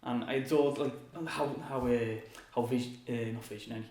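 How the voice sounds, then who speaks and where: A man's voice: mid-range voice, normal speed, a little mellow, a little hiss or hum. Stammering man in casual film chat. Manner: stammering restarts, enthusiastic. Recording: roomy echo.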